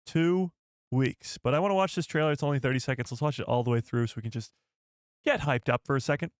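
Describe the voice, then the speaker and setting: An excitable man hosting a live stream reaction, addressing his chat. He sounds incredulous and fired up. His voice sits mid-pitch and is recorded very dry and close. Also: rapid-fire, no room sound.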